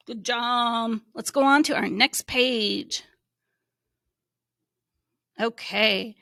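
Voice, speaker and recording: A woman who teaches reading, giving a slow, encouraging phonics lesson to young children and sounding out letters. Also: on the high side, sharp tone, dry recording, clean studio sound.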